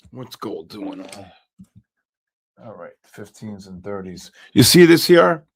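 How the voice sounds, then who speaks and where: A hoarse man hosting a live trading stream, chatting with viewers by name while he calls trades. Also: lowish voice, slow. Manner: animated, greets chat by name while calling trades. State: hoarse, losing his voice. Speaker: livestream host and futures trader.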